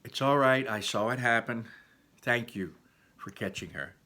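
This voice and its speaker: A man's voice: medium pitch, expressive, unhurried, pushed and bright. A man voicing a stepmother who speaks in an overly polite, distant way. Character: polite reserved stepmother, young mother.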